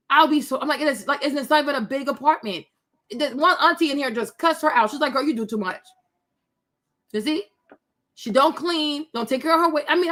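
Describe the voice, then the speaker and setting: A woman's voice: sits high, fairly bright tone. A woman giving casual reaction commentary on online videos, blunt and mocking, often laughing as she talks.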